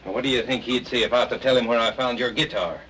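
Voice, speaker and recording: A man's voice: mid-range voice, rapid-fire, fairly bright tone, a little hiss or hum, close to an everyday voice, rough recording. An actor playing a determined young Southern man in a 1940s film, pressing hard with an insistent manner. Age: young adult. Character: determined young swamp-country man, stubborn.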